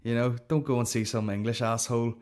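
A Northern Irish man hosting a comedy podcast, rambling through stories and plugs while swearing at nearly every turn. His voice sits at an ordinary middle pitch for a man, and the talk is loose and off the cuff. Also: fairly even intonation, fast, darkish tone. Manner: profane, rambling, swears constantly. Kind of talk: casual comedic rant.

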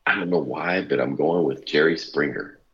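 A man competing in a trivia quiz, hesitantly thinking out loud about answers. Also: very deep voice, normal speed, breathy edge, muffled recording. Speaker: quiz contestant. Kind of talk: casual banter.

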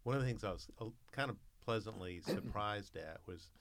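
A man hosting a casual interview, asking friendly questions and reacting with quick encouragement. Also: on the low side, lively intonation, fairly bright tone, no echo.

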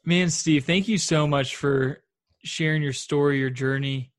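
A man's voice: fairly high pitch, fairly even intonation, measured pace. A man hosting an interview, reacting with brief enthusiastic remarks and thanking his guest. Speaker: podcast host.

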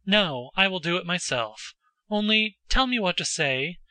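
A man voicing an excitable, earnest teenage girl who talks in a breathless, pleading way at a raised pitch. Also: a little slow, no room sound, full character voice.

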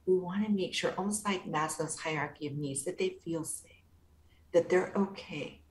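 Gentle, soothing woman in a roomy space. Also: lowish voice, moderate pace, a little hiss or hum. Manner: calm, gentle, soothing therapeutic delivery. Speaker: guest author and inner-child coach. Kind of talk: interview answers. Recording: roomy echo.

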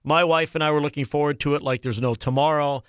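A man in his forties hosting a radio talk show, telling stories in an animated, exasperated way. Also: a little high, fast talker, clean tone, no room sound, clean studio sound. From Minnesota. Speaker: radio host. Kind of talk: casual chat. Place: radio studio.

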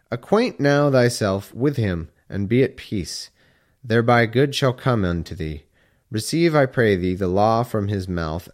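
A man reading old scripture aloud slowly, breaking off for irreverent, wry asides. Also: fairly low pitch.

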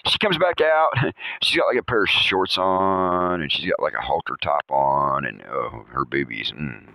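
A middle-aged man hosting a podcast, telling a crude rambling comic story with chuckles, dropping to low mutters and jumping to high exclamations. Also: lively intonation, a little slow, gravelly, pushed and bright, no room sound, poor audio. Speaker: podcast host.

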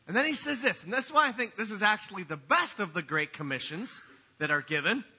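A man's voice: high-pitched, expressive, a little fast, sharp tone, husky. A man pastor giving a sermon in a conversational, joking way.

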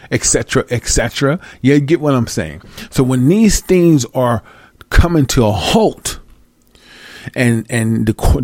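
A man's voice: mid-range voice, a little mellow, no echo. Man, casual rant, heated, profane, repeats himself, dry close sound.

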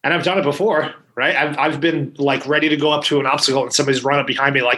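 A man co-hosts a weekly podcast and argues his side in casual chat. His voice is bright and forceful, and he presses his points with steady emphasis. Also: fairly high pitch, fast, hardly any pauses, low-quality recording. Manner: emphatic, argumentative, keeps asking "right?". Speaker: podcast co-host.

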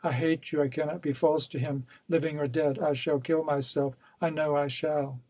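A man's voice: a little high, fairly even intonation, normal speed, a little mellow, no room sound. A man voicing a desperate young woman in a novel reading, pleading and distraught. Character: desperate young woman begging for her uncle.

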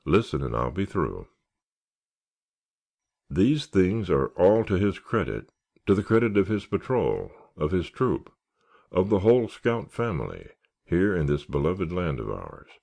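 A genial male scoutmaster, voiced by a male audiobook narrator, delivers an earnest, oratorical speech. The voice is very deep with a gravelly edge, and the pitch rises and falls in lively swings as he rallies his listeners. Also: a little slow, heavily acted. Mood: rousing. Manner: earnest, oratorical, rallying cheers. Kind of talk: audiobook character reading.

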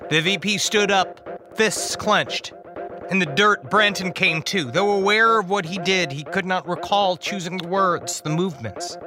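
A man as guest preacher, reading a dark comic story in a wry, dramatic way. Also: high-pitched, unhurried. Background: music.

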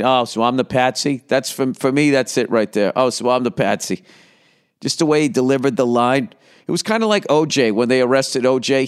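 A man's voice: medium pitch, clear, resonant tone. A man hosting a comedy podcast, rambling through profane asides with mock outrage in a casual rant.

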